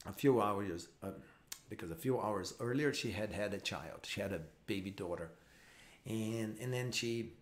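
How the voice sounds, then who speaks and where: Man teaching English slowly. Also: lowish voice. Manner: explains slowly with repeats and restarts. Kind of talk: live online lesson.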